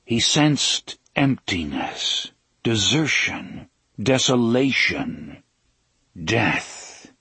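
A man narrating an audiobook in a measured, dramatic storytelling manner, slowing down for emphasis. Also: medium pitch, sing-song, sharp tone, slightly rough, no echo. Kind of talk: scripted narration.

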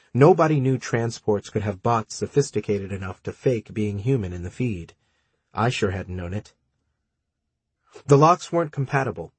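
A man narrating a story in the first person, measured and dry, with terse dialogue. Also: mid-range voice, husky, no room sound. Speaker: audiobook narrator.

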